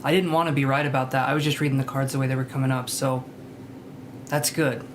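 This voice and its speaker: A man's voice: mid-range voice, level tone, quick pace, slight background noise. A man hosting a live tarot reading stream, chatting casually, greeting viewers by name and joking about himself.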